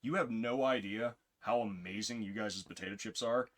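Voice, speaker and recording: A man's voice: moderate pace, fairly bright tone, a little hiss or hum. A man co-hosting a casual podcast, telling long rambling stories and laughing often. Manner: rambling storyteller, jumps into high voices for quotes. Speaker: podcast co-host. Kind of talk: casual chat.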